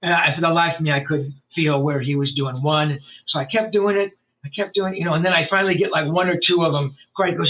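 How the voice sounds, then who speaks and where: Man, podcast guest, rambling storyteller, slightly high voice, tinny phone-line sound. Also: fast talker. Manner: rambling, animated, many fillers and restarts. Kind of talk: storytelling in a casual interview.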